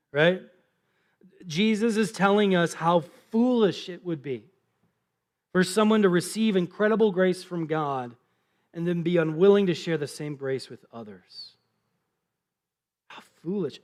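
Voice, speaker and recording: A man with a fairly high voice preaches to a church congregation. He keeps it conversational, checking in with his listeners and slowing right down to stress the key words. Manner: conversational preaching with frequent "right?" asides and slowed emphasis. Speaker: pastor. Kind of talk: sermon.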